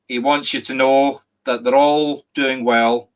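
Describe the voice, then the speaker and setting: A middle-aged Scottish man, a medium giving a live reading online, speaking gently and apologetically with many restarts and a catch of emotion. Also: mid-range voice, measured pace. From Scotland. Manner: emotional, near tears at times. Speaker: psychic medium.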